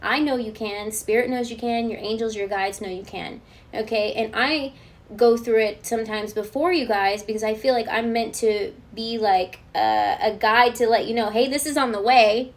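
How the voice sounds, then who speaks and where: A woman's voice: a little high, steady tone, normal speed. A woman giving a spoken tarot reading and channeled guidance, earnest and reassuring, often checking in with her listener. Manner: earnest and spiritual, talks straight to the viewer. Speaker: tarot card reader.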